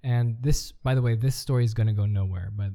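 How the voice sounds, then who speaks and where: Man, casual chat, warm dark tone, hesitant, many fillers. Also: mid-range voice, brisk, vocal fry. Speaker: podcast co-host.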